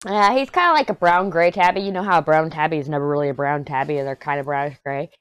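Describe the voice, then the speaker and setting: A woman chatting casually and excitedly through a diamond painting unboxing. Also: deep voice, quick pace, clear, resonant tone, dry recording, dull audio. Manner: chatty, excited, hums while working. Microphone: desk mic.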